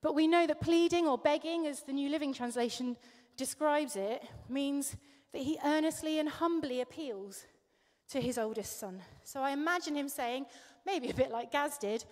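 A woman preaching a sermon in a high, bright voice, mixing personal storytelling with self-deprecating humour. Her words carry a long reverb, as if spoken in a large hall. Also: moderate pace. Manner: warm storytelling, laughing at herself. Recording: echoey hall.

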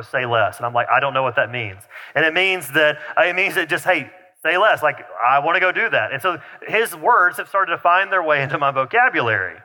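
A man's voice: a little high, sharp tone. A man preaching a sermon as pastor, talking conversationally with restarts and asides. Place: church sanctuary. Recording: long reverb of a large hall.

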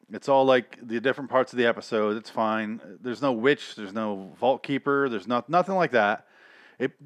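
A man's voice: medium pitch, dry recording. A man giving casual, rambling, sarcastic review commentary on cartoon episodes, swearing freely.

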